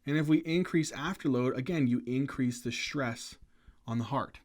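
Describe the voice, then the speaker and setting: An energetic man teaching pharmacology at a mid-range pitch. He keeps asking questions and checks in with his listeners often. The delivery is casual and conversational. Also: moderate pace. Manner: energetic, asks the class questions, says "right?" often. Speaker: medical lecturer. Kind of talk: whiteboard lecture.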